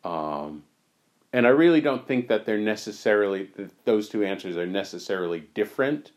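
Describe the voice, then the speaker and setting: A man leading a reflective discussion on spiritual teachings, thoughtful and unhurried, his voice going hoarse. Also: fairly low pitch, lively intonation. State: losing his voice. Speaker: discussion leader.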